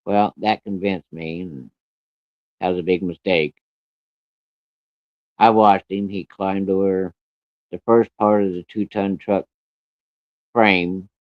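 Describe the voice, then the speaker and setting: A man with a low voice tells a personal story bluntly and plainly, swearing as he goes. The sound is dry and close, on a dull, lo-fi recording. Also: dry recording. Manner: plain-spoken, blunt, cursing.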